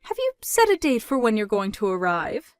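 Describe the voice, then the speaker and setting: Woman doing a domineering, mocking middle-aged mother; high, dry, close-miked story read. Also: huge pitch swings, normal speed, smooth, no room sound, soft background music. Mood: pushy. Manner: mocking, loud, rising in pitch when scolding. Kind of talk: dramatized story narration.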